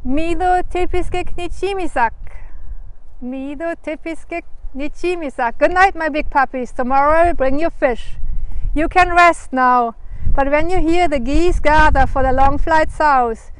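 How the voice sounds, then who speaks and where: A woman's voice: high voice, measured pace. German-accented woman reading a picture book. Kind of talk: storybook reading.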